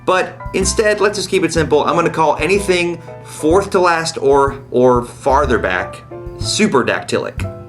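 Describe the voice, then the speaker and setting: A man teaching songwriting in a comedic video lesson. His voice swings widely up and down in pitch as he explains the rules. He keeps slipping dry, jokey asides between the points. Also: animated, a little slow, faint music behind. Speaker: online lyric-writing teacher.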